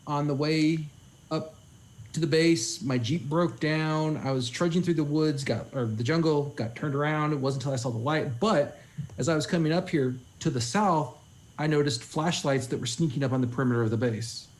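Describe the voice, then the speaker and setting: A man playing a male field agent in a tabletop spy game, halting as he bluffs his way past a guard. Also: a little high, lightly acted, poor audio. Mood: bluffing.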